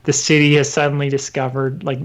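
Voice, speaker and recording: A man co-hosting a casual comics podcast, animated, laughing often and slipping into quick character voices. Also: mid-range voice. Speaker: podcast co-host.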